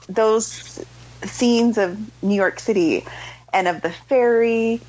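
A woman's voice: fairly high pitch, slow, darkish tone, lo-fi sound, a little hiss or hum. A woman on a film podcast chatting casually, speaking fondly and enthusiastically about a movie. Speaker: podcast co-host.

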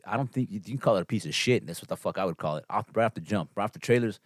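A man's voice: fairly low pitch, lively intonation, very fast, no echo, studio quality. A man co-hosting a podcast, chatting casually about movies, blunt and swearing constantly, laughing often. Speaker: podcast co-host. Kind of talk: casual profane movie chat.

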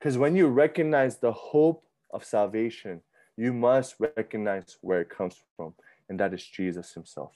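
A man in his thirties preaching a sermon in a conversational, animated way, often repeating himself and acting out his own thoughts. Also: on the low side, moderate pace. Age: 30s. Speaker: pastor.

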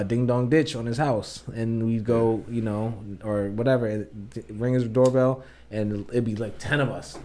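A young man co-hosts a casual podcast in a mid-pitched, everyday voice. He rambles through his stories in loose slang and often restarts his sentences. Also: mellow. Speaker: podcast co-host. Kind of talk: casual chat.

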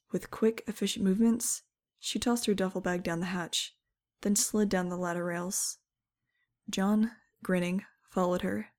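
A woman narrating an audiobook in the first person, wry and conversational. Her voice has a gravelly, creaky texture at a middling pitch. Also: steady tone, measured pace, darkish tone.

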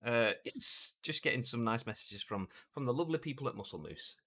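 Lively English man hosting gaming news. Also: mid-range voice, brisk, slightly rough. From England. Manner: animated, jokey, puts on silly voices. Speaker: gaming news show host. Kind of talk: casual live-stream news chat.

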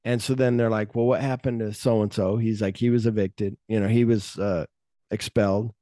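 Middle-aged man, dark and dry. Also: fairly low pitch, flat delivery, moderate pace, no room sound. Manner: retells scenes with quoted lines, swears freely. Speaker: podcast host. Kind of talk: casual film chat.

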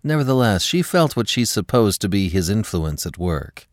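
Male narrator for an audiobook, very deep, lively delivery, dry close sound. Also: no echo. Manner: expressive, measured reading. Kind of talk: scripted story narration.

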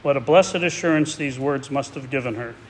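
A male pastor talks through a sermon in a conversational, reflective way, restarting his sentences now and then. His mid-pitched voice carries a long reverb tail from a large hall, with a faint hiss behind it. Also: fairly quick. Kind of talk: expository sermon with a read-aloud excerpt.

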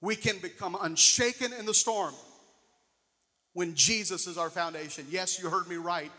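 A man's voice: sits high, normal speed, sharp tone. A man pastor delivering a sermon, asking the congregation question after question with rising and falling emphasis. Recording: long reverb of a large hall.

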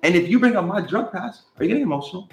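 A man's voice: high voice, lively intonation, racing, reverberant. A man in a heated, sarcastic argument, defensive and swearing. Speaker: streamer in a played clip.

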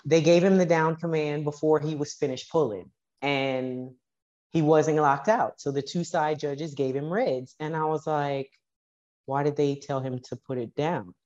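A woman coach tells her stories with lots of energy, slipping into the voices of the people she talks about. Her voice sits very low, and the recording sounds a little dull and muffled. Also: unhurried. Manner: animated, acts out quoted dialogue. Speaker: powerlifting coach and guest. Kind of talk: casual storytelling interview.

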